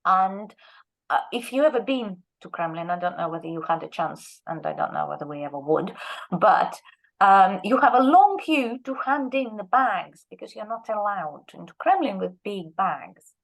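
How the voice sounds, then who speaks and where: A Russian teacher speaking as a guest lecturer tells lively teaching anecdotes at a workshop, acting out the quoted speech. Her mid-range voice is animated and gravelly, moving at normal speed, and the recording is rough.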